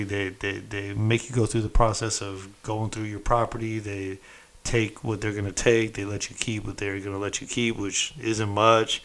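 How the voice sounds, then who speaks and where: A man's voice: on the low side, fairly bright tone. A man casually telling a loose, rambling story from his time in prison, swearing and quoting the people in it.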